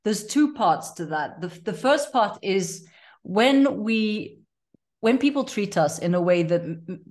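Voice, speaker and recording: A woman's voice: medium pitch, expressive, slow pace, a little mellow. A middle-aged woman talks as a guest on a podcast in an earnest, reflective way. She leans on fillers and circles back on her own thoughts as she explains. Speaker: life coach guest. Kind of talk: casual podcast interview.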